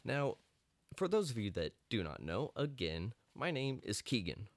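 A man's voice: mid-range voice, big pitch swings, a little slow, no echo. A young man from the Texas Panhandle, hosting a podcast in a blunt, joking, encouraging way. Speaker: podcast host. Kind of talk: casual monologue.

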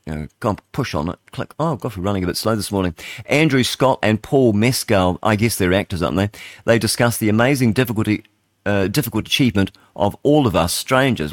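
A man, hosting talk radio in a chatty, rambling way, reading headlines aloud and thinking out loud. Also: on the low side, dry recording, studio quality. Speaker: radio host. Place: radio studio.

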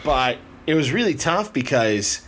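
A young man hosting a casual chat, telling a story in an animated way with frequent laughter. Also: mid-range voice, measured pace, a little hiss or hum.

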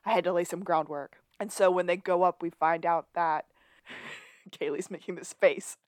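A woman's voice: fairly low pitch, fairly even intonation, moderate pace, no room sound, clean studio sound. A woman co-hosting a TV recap podcast, retelling scenes in a chatty way and laughing often. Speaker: podcast co-host. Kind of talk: casual recap chat.

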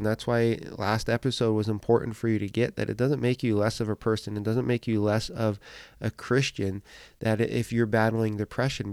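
A middle-aged man hosts a Christian podcast with an earnest, conversational devotional delivery. His voice is smooth and clear and sits at a medium pitch. The sound is dry and close, with no room around it. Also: a little mellow, no echo. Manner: earnest, repetitive, conversational preaching with fillers. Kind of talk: devotional talk.

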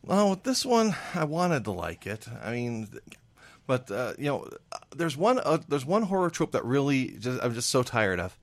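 A man reviewing movies on a radio panel, animated and weary of horror clichés. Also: medium pitch, moderate pace, dry recording. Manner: animated, mock voices, tired of clichés. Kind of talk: casual panel chat.

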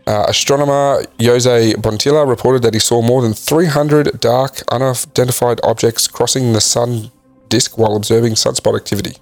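A man co-hosting a casual podcast, reading facts from a list in a halting way with frequent ums. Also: medium pitch, steady tone, darkish tone, no echo. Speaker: podcast co-host. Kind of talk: casual chat.

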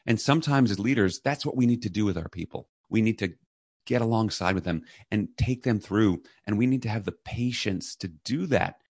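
Deep-voiced man telling a story. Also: normal speed, husky, no echo. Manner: earnest, reflective, acts out quoted lines loudly. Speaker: guest. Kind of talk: storytelling in a podcast interview.

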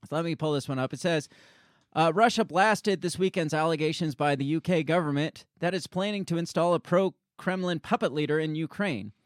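Man, american, sarcastic podcast co-host, slightly higher voice, dry close sound. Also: a little fast, no echo. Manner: conversational, sarcastic, mocks quoted officials in put-on voices. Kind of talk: casual political chat, reading news aloud.

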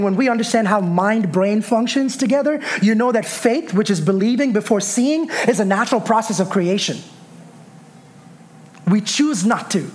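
A man preaching a sermon in a strikingly high voice. He hammers key phrases through repetition. He builds his lines up into shouts. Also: animated, normal speed. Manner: emphatic, repeats key phrases, swells to shouts. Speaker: pastor.

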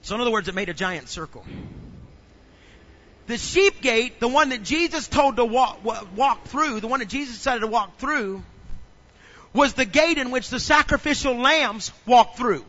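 A man preaching a sermon in a church, swinging from loud to hushed. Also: very high-pitched, lively intonation, moderate pace. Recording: dull lo-fi recording.

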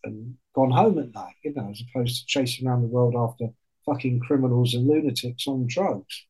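A man in casual chat on a podcast, telling stories in an animated way and swearing often. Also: mid-range voice, a little fast, slightly rough, poor audio.

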